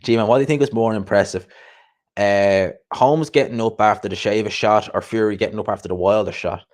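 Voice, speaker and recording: A man hosting a casual livestream chat, chatty and quick to laugh, often repeating himself and swearing. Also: lowish voice. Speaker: host.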